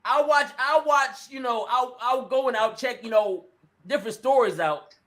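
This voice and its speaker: A male talk show host giving emphatic opinion commentary, acting out little scenes and addressing listeners as ladies and gentlemen. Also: very high-pitched, normal speed.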